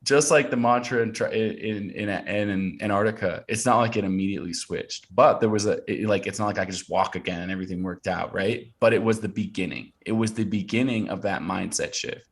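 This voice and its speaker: With a lowish voice and a brisk delivery that leaves few pauses, a thirtysomething man from Portland, Oregon, recounts a personal story as an interview guest. The conversation is casual, and he's earnest and animated, full of fillers and restarts.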